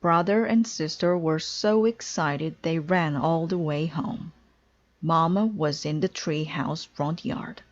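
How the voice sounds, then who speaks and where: A woman reading a children's storybook aloud in a clear, deliberate storytelling way. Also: low-pitched, highs cut off. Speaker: storybook reader. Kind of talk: children's read-aloud narration.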